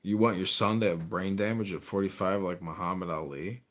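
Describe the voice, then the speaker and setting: A man's voice: low voice, fairly quick, fairly bright tone. A man hosting a podcast, trading crude, mocking and profane banter with a caller. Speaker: podcast host.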